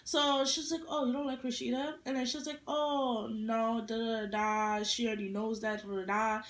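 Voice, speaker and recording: A woman's voice: a little high, normal speed. Young woman telling a story on her vlog, lots of attitude, echoey room. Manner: animated, acting out quotes with attitude. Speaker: vlogger.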